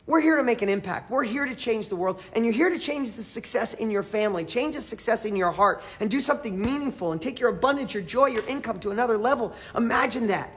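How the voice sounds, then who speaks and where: A man's voice: very high-pitched, animated, fast, hardly any pauses. Fervent man giving a pep talk. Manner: repeats phrases for emphasis; frequent swings from loud to quiet. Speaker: motivational coach. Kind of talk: live motivational training.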